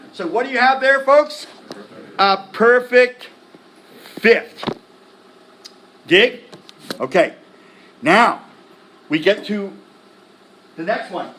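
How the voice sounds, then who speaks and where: A man teaching music theory in a classroom lecture, animated, firing quick questions at the students and tossing in slang. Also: sits high, a little hiss or hum. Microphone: laptop recording the lecture. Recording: echoey classroom from a distance.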